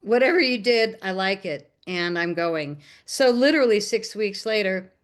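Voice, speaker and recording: Speaking at normal speed in a medium-pitched voice, this American woman is a documentary filmmaker being interviewed as a guest. She relates a personal story in a relaxed, animated way, performing the quoted dialogue of those involved.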